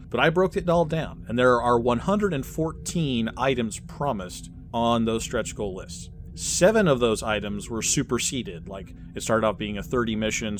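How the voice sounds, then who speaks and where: A man's voice: medium pitch, slight background noise. Playful man co-hosting a podcast. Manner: playful, detailed. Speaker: podcast co-host. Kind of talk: casual chat.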